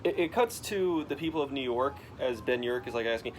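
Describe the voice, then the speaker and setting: A young man casually retelling a comic book story to his father, halting and full of restarts. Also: mid-range voice, expressive, slight background noise. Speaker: son explaining a comic to his dad.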